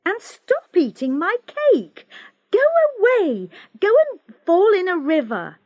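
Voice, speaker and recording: A woman voicing a quick-tempered but kind young woman who speaks with feeling in a storybook reading. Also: very high voice, big pitch swings, no echo, dull audio, voice pushed up, full character voice. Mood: exasperated. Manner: exasperated, impassioned.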